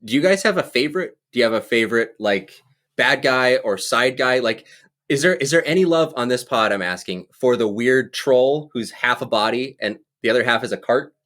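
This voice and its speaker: Guy cohosting a movie podcast, mid pitch, excited, acts out scenes, laughs a lot. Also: moderate pace. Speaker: podcast co-host. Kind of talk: casual movie chat.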